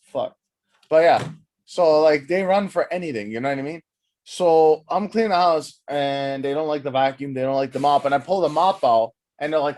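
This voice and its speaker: A young adult man hosting a podcast, telling casual stories in a rambling, profane, animated way and acting out what people said. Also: fairly high pitch, a little fast. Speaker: podcast host. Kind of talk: casual storytelling monologue.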